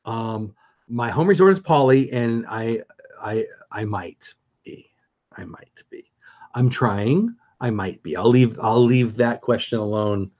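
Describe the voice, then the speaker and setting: A man's voice: medium pitch, measured pace, a little mellow, lo-fi sound. A middle-aged man hosting a casual live stream, chatting upbeat with viewers and answering their comments.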